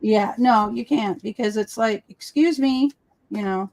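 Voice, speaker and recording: A woman chatting casually on a crafting livestream, animated and acting out the people she quotes. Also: on the high side, a little slow, vocal fry. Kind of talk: casual chat. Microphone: video call.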